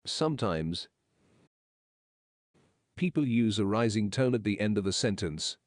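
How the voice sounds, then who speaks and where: A man with a lowish voice reads an English lesson at a slow, measured pace. He explains each point plainly. The sound is dry and close to the mic. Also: expressive, no echo. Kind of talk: slow paraphrased lesson narration.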